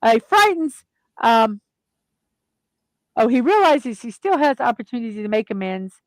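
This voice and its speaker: A middle-aged woman hosts a casual chat and retells a film's plot with animated energy. Her voice sits a bit high, and the recording is dry and close. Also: normal speed, no room sound. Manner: chatty, animated retelling of a film. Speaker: host.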